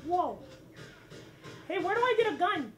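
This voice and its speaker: A woman with a very high, childlike voice, talking in a silly, innocent way for a gaming prank video. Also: sing-song, measured pace, fairly bright tone, roomy sound. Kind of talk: casual vlog intro and game chat prank.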